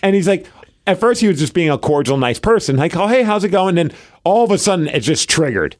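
Speaking quickly in a slightly high voice, this forties-aged podcast co-host from the US Pacific Northwest spins an animated story during casual chat, acting out each quoted line.

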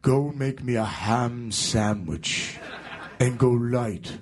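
A man impersonating a slow-drawling, deadpan older male rock singer. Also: medium pitch. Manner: slow, drawn-out delivery.

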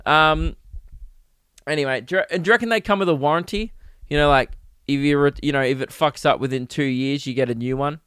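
A man's voice: a little high, a little fast, a bit bright, clean tone, no room sound, studio quality. A man with an Australian accent hosting a comedic podcast, rambling crudely and jokingly, often slipping into mock voices. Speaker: podcast host. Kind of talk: comedic solo podcast rant.

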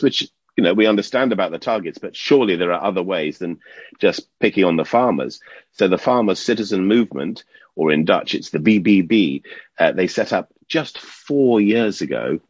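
A man's voice: low voice, animated, normal speed, slightly rough, no room sound, highs cut off. A man giving chatty, wry commentary on the news as a regular guest on a talk show. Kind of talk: casual commentary.

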